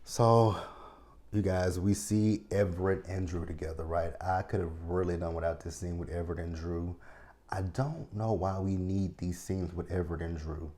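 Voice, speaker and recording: A man in his thirties with a low, deep voice and a mellow, dark tone rants his way through a TV episode recap. He talks straight to his viewers in a blunt, profane, casual way. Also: steady tone, normal speed. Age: 30s. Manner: blunt, profane, ranting commentary. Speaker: TV episode reviewer.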